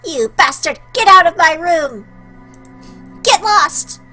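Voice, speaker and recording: A woman voicing a volatile, lovesick young woman in a visual novel read-aloud, in a high, slow, tearful voice. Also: big pitch swings, fairly bright tone, faint music behind, full character voice. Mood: furious.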